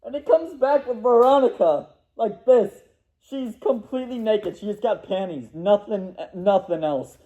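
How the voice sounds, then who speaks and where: Young man, high mellow voice, rambling storyteller, dull lo-fi sound. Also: a little slow. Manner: rambling, laughing, acts out quotes. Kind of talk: casual storytelling.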